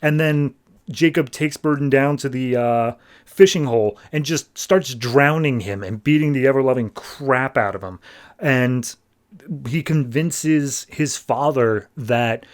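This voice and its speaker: A man in a relaxed podcast chat walks through a comic book's story, talking loosely and filling gaps with "like." Now and then he tosses off a quick mock voice for a character before slipping back into his everyday mid-pitched tone. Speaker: podcast host. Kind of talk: casual comic book recap.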